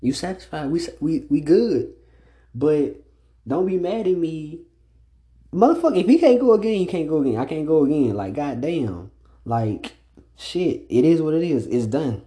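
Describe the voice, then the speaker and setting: A man's voice: fairly high pitch, lively intonation, unhurried, dark tone. Blunt, profane young man ranting. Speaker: podcast host. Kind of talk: solo casual podcast monologue.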